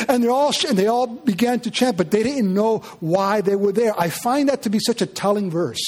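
A pastor preaching a sermon, animated and firing rhetorical questions at his congregation. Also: high voice, brisk, hardly any pauses.

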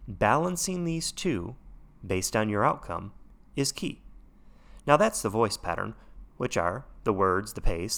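A man hosting an instructional podcast, speaking in a measured, deliberate way that shows off his intonation. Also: on the low side, a bit bright. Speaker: podcast host.

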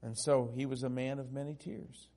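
A male pastor preaching a sermon, swinging from loud, emphatic peaks down to hushed, tender passages. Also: mid-range voice, fairly even intonation, normal speed.

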